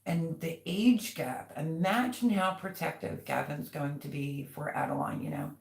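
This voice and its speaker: This older livestream host talks in a low, creaky, slightly mellow voice, a little slowly, in an echoey room. She chats casually, rambling through family stories and reading viewers' comments aloud.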